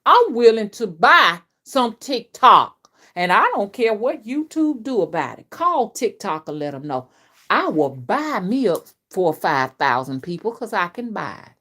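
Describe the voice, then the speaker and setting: A woman's voice: very animated, a little slow. A middle-aged woman, a spiritual reader, talking to her viewers in a casual, rambling live-stream chat, often repeating herself, her voice rising and dropping sharply. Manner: chatty, repetitive, with big swings in pitch and loudness. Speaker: spiritual reader and channel host.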